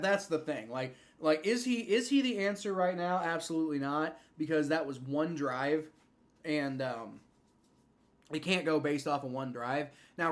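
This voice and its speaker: A young man hosting a live fan stream, giving rambling play-by-play and reaction with many fillers and restarts, getting excited on big plays. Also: on the high side. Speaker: livestream host.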